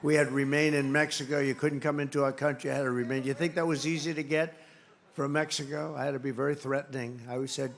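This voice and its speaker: A man with a mid-range voice speaks quickly and flatly from a podium microphone at a large rally venue. He's a political candidate giving a campaign speech, combative and repetitive, tossing in mocking asides.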